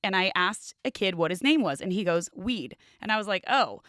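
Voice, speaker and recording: A chatty woman co-hosting a podcast, rambling through stories with a loose, profane, casual manner. Her voice sits at a middle pitch, and the recording is dry and close. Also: animated, brisk, a bit bright, no room sound. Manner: chatty, storytelling, swearing. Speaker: podcast co-host. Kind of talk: casual chat.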